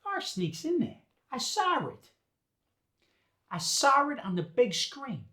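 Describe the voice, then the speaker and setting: A man's voice: very high voice, slow. Boston guy demoing his accent, bouncy up-and-down voice, stretches vowels, echoey. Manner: lively, playful, stretches vowels for effect. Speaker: guest demonstrating a dialect. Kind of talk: accent demonstration.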